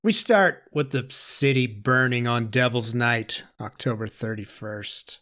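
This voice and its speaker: A man's voice: mid-range voice, measured pace, sharp tone. A man hosting a podcast, casually recapping a film's plot with fillers and self-corrections. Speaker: podcast host.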